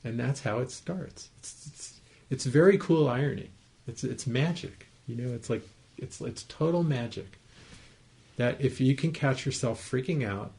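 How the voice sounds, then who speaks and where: Meditation teacher, male, mid-pitched with a gravelly edge, explains patiently and checks in with the room. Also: animated, unhurried. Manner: conversational, gently explaining, asks the listeners to confirm they follow. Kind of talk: dharma talk to a group. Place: his home, small group room.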